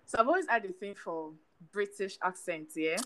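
A young adult woman from Nigeria with a Nigerian accent, co-hosting a casual chat podcast and talking in an animated way, full of fillers. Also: medium pitch, moderate pace, a little hiss or hum, rough recording. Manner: animated, chatty, lots of fillers. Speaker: podcast co-host.

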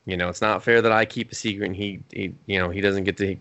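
A man co-hosting a podcast, recapping an anime episode in casual chat and acting out characters' lines in higher voices. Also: fairly even intonation, quick pace, a bit bright. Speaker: podcast co-host.

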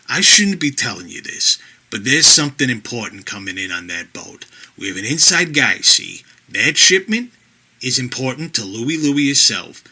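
A man's voice: medium pitch, pushed and bright, slightly rough, pitched above the performer's own voice, full character voice. A man voicing an officious male undercover agent who speaks stiffly, in an audiobook story.

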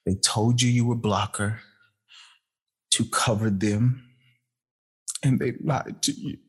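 A tearful man speaking to his younger self in a halting, heartfelt personal address, with sighs and pauses between phrases. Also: medium pitch, steady tone, husky.

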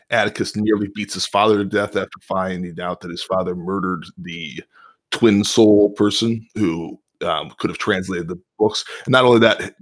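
Deep-voiced man explaining calmly. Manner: measured, explanatory, with filler ums. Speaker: podcast co-host. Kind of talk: casual analytical TV recap.

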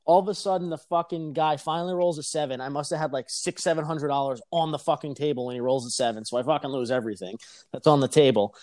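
A young man telling a casual, profane story on a podcast, animated and laughing as he talks. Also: a little high, fast talker, no echo, studio quality. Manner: animated, swears constantly, laughs mid-sentence.

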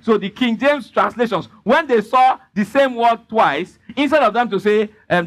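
A man's voice: extremely high pitch, normal speed, hardly any pauses, fairly bright tone. A man preaching a sermon as pastor, emphatically prompting the congregation to answer him. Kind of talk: sermon with call-and-response.

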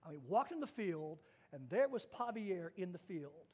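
A man from Kansas preaching a sermon as pastor, telling a story and acting out the voices in it, moving from hushed to loud. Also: high voice, big pitch swings, normal speed, husky. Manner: storytelling with acted-out quotes, swings from hushed to loud.

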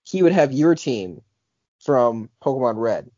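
A man's voice: mid-range voice, animated, a little slow, warm tone, dry recording. A young man co-hosting a podcast in casual chat, rambling with lots of filler words and restarts. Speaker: podcast co-host. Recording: dull lo-fi podcast audio.

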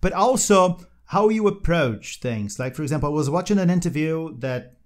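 Lively animated man chatting. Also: a little high, moderate pace. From Brazil. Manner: animated storyteller, laughs often. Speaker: podcast co-host. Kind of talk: casual chat. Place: Brazil.

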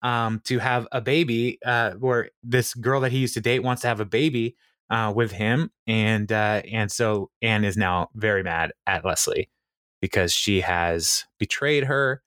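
A man with a low voice chats casually on a podcast, retelling scenes and quoting characters with frequent laughs and "um"s. The sound is close and dry, with no room around it. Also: unhurried, a bit bright, no room sound. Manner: laughs often, recounts scenes with quoted lines and many fillers. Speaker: podcast co-host. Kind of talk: casual chat recapping a TV episode.

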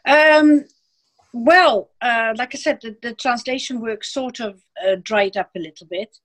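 A woman whose first language is Dutch, a former translator, speaking as a guest in a casual interview in a thoughtful, measured way with small hesitations. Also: a little high, fairly bright tone. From Netherlands.

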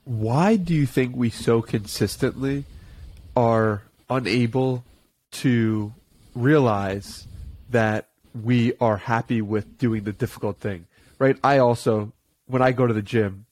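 A man hosting a podcast, asking thoughtful, halting questions. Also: medium pitch, darkish tone. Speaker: podcast host. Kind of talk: interview questions.

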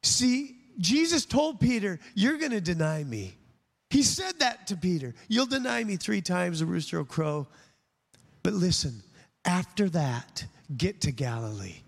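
A man's voice: high voice, big pitch swings, measured pace, gravelly. A man preaching a sermon as a pastor, emphatic, swinging between rising and falling delivery. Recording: long reverb of a large hall.

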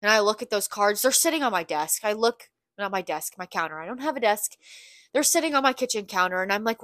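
A woman's voice: mid-range voice, expressive, quick pace, a bit bright, no echo, clean studio sound. A young woman hosting a podcast, talking in a blunt, candid, profane confessional monologue. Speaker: podcast host.

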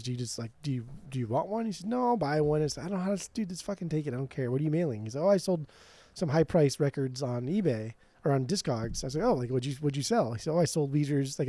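Man telling a lively story, dark voice. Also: on the high side, fast talker, no room sound. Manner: animated storytelling, swears freely. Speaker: podcast co-host, record store owner. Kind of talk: casual chat.

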